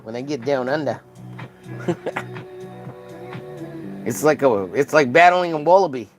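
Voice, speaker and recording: A man's voice: mid-range voice, lively intonation, measured pace, faint music behind. A man from Texas chatting casually with his live chat while drawing, rambling and joking crudely. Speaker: streamer.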